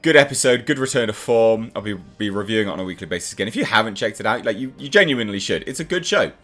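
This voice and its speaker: A man's voice: on the low side, expressive, quick pace, fairly bright tone, faint music behind. A man hosting his own channel, giving a casual and enthusiastic spoken review of a TV episode. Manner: enthusiastic, chatty, acts out characters' lines.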